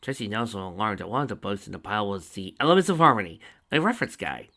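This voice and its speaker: Brief: male story reader, low-set voice with a bright, tense edge, steady delivery. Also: rapid-fire. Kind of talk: reading fan fiction aloud.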